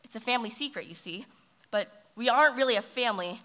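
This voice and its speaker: A teenage girl on stage performing spoken word poetry, swinging from loud outbursts to hushed lines. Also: on the high side, fast. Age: teens. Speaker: high school slam poet. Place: ballroom stage.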